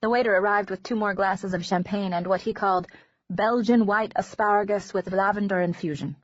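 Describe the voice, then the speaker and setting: A woman narrating an audiobook in a measured, gentle storytelling manner. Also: mid-range voice, fairly even intonation, no echo. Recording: dull lo-fi recording.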